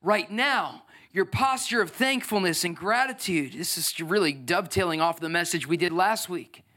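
A man in his thirties preaching a lively sermon as pastor, acting out voices and swinging from loud bursts to soft, tearful moments. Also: sits high, normal speed. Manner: energetic, acts out voices, swings from shouting to near tears.

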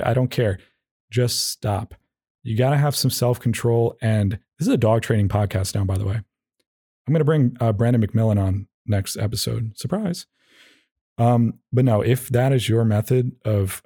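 A man's voice: lowish voice, warm tone, slightly rough, no room sound, clean studio sound. A man hosting a solo podcast, talking in a casual, rambling and opinionated way with a wry edge. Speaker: podcast host.

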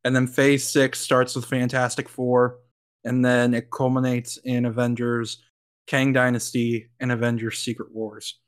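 Man, podcast co-host, casual chat, rambling, filler-heavy, average pitch. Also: completely flat delivery, a little slow, clean tone. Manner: rambling, lots of likes and ums, laughs often.

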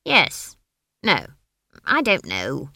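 A woman's voice: extremely low pitch, huge pitch swings, extremely slow, creaky, sharp tone, dry recording, clean studio sound, voice pushed down, exaggerated voice. A woman doing a blunt, stern old witch. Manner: blunt, scornful, commanding.

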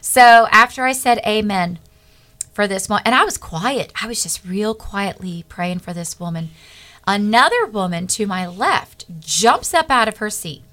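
A middle-aged woman, a guest on a Christian talk show, telling a personal testimony in an earnest, animated way and acting out the dialogue. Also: medium pitch, a little slow.

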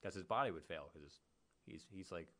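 A young man with a low voice talks loosely and at length about old games. He is animated and rambling, and now and then he drops into a quick put-on voice. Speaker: podcast co-host. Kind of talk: casual gaming chat.

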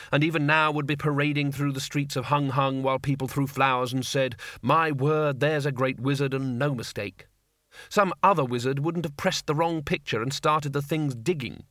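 A man reading a comic fantasy novel aloud in measured, wry audiobook narration on a close studio mic. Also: medium pitch, fairly bright tone, dry recording.

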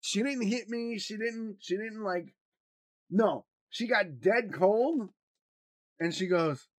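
A man from Wisconsin co-hosting a podcast, telling a rambling, profane story in a loose, animated way. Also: sits high, slow, no echo. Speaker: podcast co-host. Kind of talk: casual podcast chat, storytelling.

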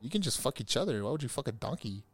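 A young man co-hosting a podcast, talking in excitable, slangy bursts. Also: medium pitch, racing, dry recording, soft background music. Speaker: podcast co-host. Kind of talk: casual podcast chat.

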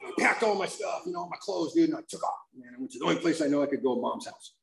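A man's voice: a little high, fast talker, vocal fry, very noisy. Guy sharing his recovery story, lots of slang, acts out everybody's voices, echoey room. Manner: animated storytelling, acting out quoted voices, slangy. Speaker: recovery meeting speaker.

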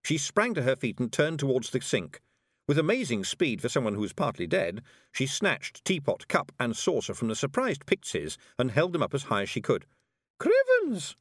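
A man narrating a storybook in an expressive, measured way. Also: medium pitch, no room sound, studio quality. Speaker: audiobook narrator.

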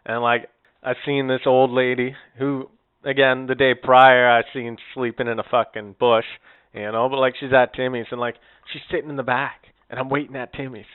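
A man's voice: medium pitch, flat delivery, normal speed, smooth. A man telling a rambling, profane story on a casual podcast, full of "eh" and "like". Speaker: podcast co-host. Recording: narrow, phone-like sound.

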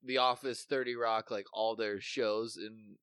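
A man's voice: fairly low pitch, fairly even intonation, unhurried, a bit bright, smooth, no room sound, clean studio sound. A man co-hosting a podcast in casual chat, rambling through memories, swearing freely and losing his thread. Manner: rambling, swears often, trails off mid-thought. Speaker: podcast co-host.

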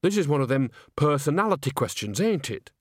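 Man playing a chatty old witch, folksy, cheerful, lively, dry. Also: a little high, fairly quick, dry recording.

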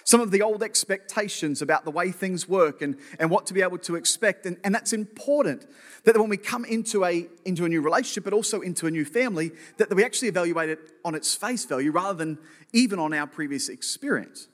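A man's voice: sits high, fast talker. A male pastor preaching a sermon in a conversational way, often restarting with repeated words and making joking asides. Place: church auditorium. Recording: long reverb of a church hall.

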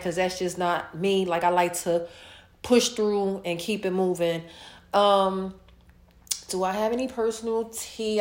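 A woman hosting her own podcast, chatting casually and warmly about her week, stuffed up from a sinus infection. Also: medium pitch, roomy sound. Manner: chatty, repetitive, heartfelt. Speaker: podcast host. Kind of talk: casual solo podcast chat.

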